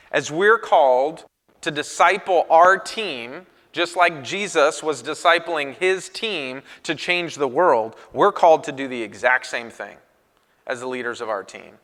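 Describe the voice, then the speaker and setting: A bright, forceful man gives a lively conference talk to church leaders, throwing his pitch up sharply whenever he acts out a quoted voice. His voice sits fairly high for a man. It rings through a large hall with a long tail of reverb.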